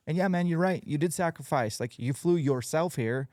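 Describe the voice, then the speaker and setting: A man's voice: on the high side, normal speed, hardly any pauses, darkish tone, no echo, clean studio sound. A man in his forties hosting a podcast, talking in a casual, candid, joking way. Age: 40s. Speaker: podcast host.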